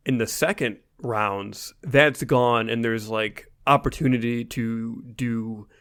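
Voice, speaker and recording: A man co-hosting a podcast, explaining in relaxed casual chat with many fillers. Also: mid-range voice, slow, clear, resonant tone. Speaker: podcast co-host.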